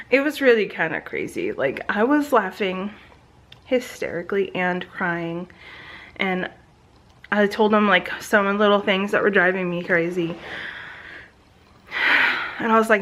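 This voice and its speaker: A woman's voice: medium pitch, takes it slowly, pauses often, a bit bright, rough recording. Chatty mother rambling to her camera at home. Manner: chatty and rambling, many ums and likes. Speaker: vlogger. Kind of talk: casual pregnancy update to camera. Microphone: camera close by.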